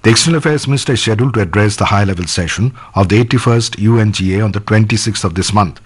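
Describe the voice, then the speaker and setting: A man reading news headlines as anchor in a measured, formal way. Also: on the low side, slightly rough.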